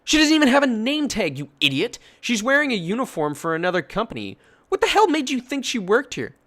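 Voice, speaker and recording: A man's voice: very high voice, huge pitch swings, a little fast, a bit bright, voice pushed up, heavily acted. A man voicing a protective mother who indignantly scolds another woman. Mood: indignant anger. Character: fierce protective mother, young adult woman.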